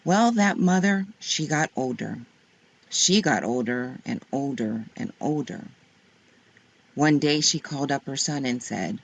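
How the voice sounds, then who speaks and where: Slow, expressive woman storyteller. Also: very deep voice, creaky. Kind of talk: reading picture books aloud.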